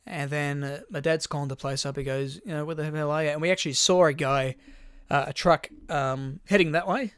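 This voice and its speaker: A man's voice: on the high side, steady tone, fairly quick, fairly bright tone, clear, resonant tone, dry recording, studio quality. A young man co-hosting a podcast, telling rambling, sweary stories in casual chat. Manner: rambling storyteller, lots of swearing and restarts. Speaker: podcast co-host.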